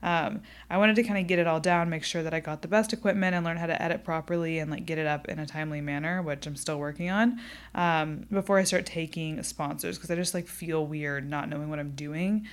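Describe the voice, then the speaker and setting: A woman's voice: low-pitched, steady tone, brisk, clear, resonant tone. A young woman hosting her own podcast, chatting candidly and casually, swearing and laughing as she talks. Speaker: podcast host. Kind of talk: casual solo podcast chat.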